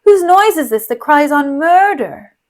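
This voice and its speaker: A woman's voice: high voice, animated, measured pace. A woman voicing a scheming, two-faced male ensign in a theatrical reading. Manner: theatrical reading, rising to cries.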